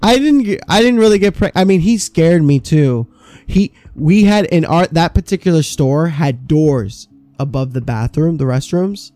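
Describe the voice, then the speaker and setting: Brief: man, podcast co-host, mellow dark tone, dry close sound, loose rambling swear-heavy storytelling. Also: a little high, moderate pace, no echo, soft background music. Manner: profane, rambling, animated storyteller. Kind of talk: casual storytelling chat.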